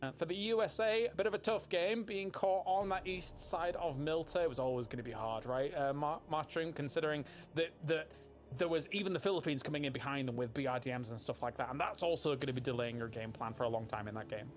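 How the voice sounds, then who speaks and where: A man's voice: on the high side, fast, soft background music. A man hosting a live esports panel in an upbeat, chatty way, laughing often. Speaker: esports caster leading the panel.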